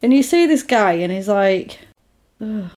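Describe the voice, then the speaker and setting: A woman's voice: mid-range voice, animated, moderate pace, darkish tone. A woman in casual chat, animatedly retelling a film plot and acting out the characters' lines.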